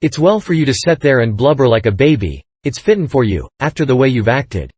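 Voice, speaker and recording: Guy doing a grumpy swindler duke, sharp scolding, husky voice, dry sound. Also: mid-range voice, very animated, brisk, no room sound. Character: scheming male con-man duke, angry, bossy.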